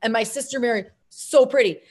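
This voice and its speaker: A middle-aged actress and filmmaker telling stories as an interview guest, lively and self-mocking, jumping between tangents. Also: female voice, on the high side, brisk. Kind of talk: casual interview storytelling.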